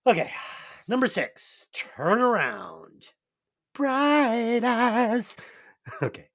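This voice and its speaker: A man's voice: very high voice, huge pitch swings, extremely slow, fairly bright tone, no echo, clean studio sound. A man hosting a music podcast, telling stories in a profane, laughing, casual way. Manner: profane, laughing anecdote teller. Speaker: podcast host, album reviewer.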